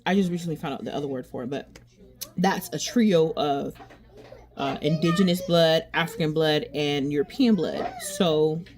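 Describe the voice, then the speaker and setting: A woman's voice: deep voice, moderate pace, background noise. A woman chatting casually while doing her makeup, rambling and candid, often restarting and repeating herself, with frequent swearing. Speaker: beauty vlogger.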